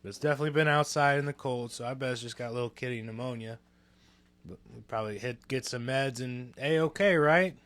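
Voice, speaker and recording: A man's voice: mid-range voice, fairly quick, a bit bright, no echo. Candid, swearing male podcast host. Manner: candid storytelling, swears freely. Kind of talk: casual chat.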